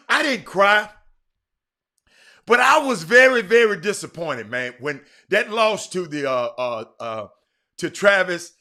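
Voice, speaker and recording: Bright-voiced man hosting a livestream. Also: high-pitched, very animated, a little slow. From Houston, Texas. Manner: chatty, talks to viewers by name, frequent restarts. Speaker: livestream host. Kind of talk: casual livestream chat reading viewer comments.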